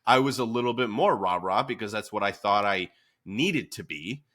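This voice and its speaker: A man, a fitness coach and podcast host, talking in a calm, even-keeled way with many fillers. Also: fairly low pitch, normal speed. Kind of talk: casual podcast chat.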